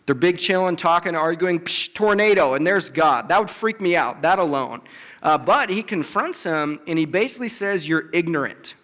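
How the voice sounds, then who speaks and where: Young male preacher, high voice, casual and animated, reverberant hall. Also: normal speed. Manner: conversational, acts out biblical quotes with emphasis. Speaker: campus ministry speaker. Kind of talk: casual sermon. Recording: long reverb of a large hall.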